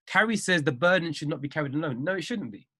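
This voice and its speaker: A man's voice: on the high side, animated, fast talker, bright, forceful tone, breathy edge. A man giving an emphatic, repetitive motivational live-stream talk as a trading mindset coach. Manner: emphatic, repeats phrases, preachy.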